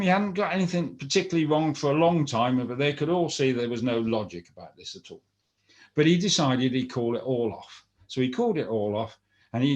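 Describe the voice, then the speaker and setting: A man's voice: mid-range voice, dull audio. A man telling a folktale aloud in a chatty, rambling way, with asides to his listeners. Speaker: storyteller.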